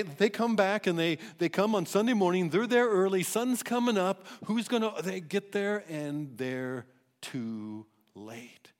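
A man preaching a sermon as pastor, emphatic and animated, often restarting his phrases. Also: high-pitched, long reverb tail. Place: church sanctuary.

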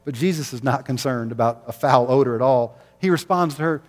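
A man's voice: medium pitch, a little fast, hardly any pauses, big-room sound. A man preaching an Easter sermon as pastor, conversational, with rhetorical questions and light jokes.

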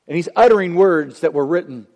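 A man preaching a sermon as pastor, swinging between loud passionate peaks and hushed low passages. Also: fairly quick. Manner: dramatic preaching, voice rising and dropping sharply. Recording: long hall reverb.

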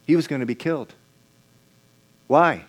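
A man's voice: fairly high pitch, normal speed. A man preaching a sermon in a conversational way, asking the congregation questions and often repeating and restarting words.

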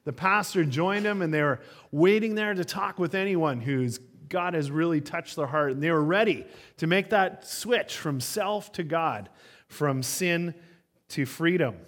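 Pastor guy giving a sermon, chatty storytelling, lots of uhs, kinda high voice. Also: a little slow, fairly bright tone. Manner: conversational storytelling with frequent fillers. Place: church.

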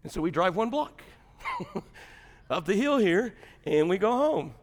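A man's voice: high voice, very animated, unhurried, big-room sound. A middle-aged man, a pastor, telling a humorous family story in a chatty sermon, laughing often. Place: church sanctuary.

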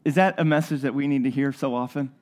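A man's voice: medium pitch, fast talker, darkish tone. A man preaching a sermon as pastor, earnest and talking straight to the congregation, often repeating his phrases.

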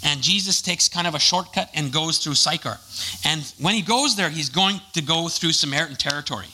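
A man's voice: a little high, a little fast, pushed and bright, breathy edge, rough recording. A man preaching a casual, conversational sermon, full of jokey asides and fillers.

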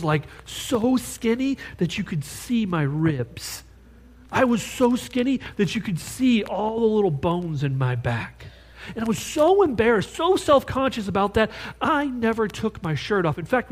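A man preaching a sermon, telling a personal story and slowing down to stress key words. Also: high voice. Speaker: pastor.

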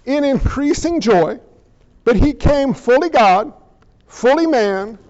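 A man preaching a sermon as pastor, animated and jokey as he retells the story. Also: very high-pitched, takes it slowly, highs cut off.

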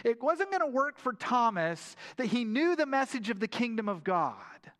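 A man preaching a sermon, retelling the story in an animated way and often repeating words as he goes. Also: very high-pitched, normal speed. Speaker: pastor. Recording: long hall reverb.

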